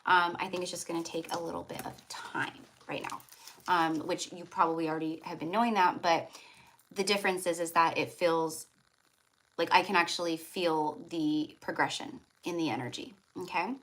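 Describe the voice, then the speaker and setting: A woman's voice: lowish voice, fairly even intonation, moderate pace, fairly bright tone, slight background noise, low-quality recording. A woman reading tarot on a live stream, chatty and affectionate, calling her viewers love and hon. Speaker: tarot reader.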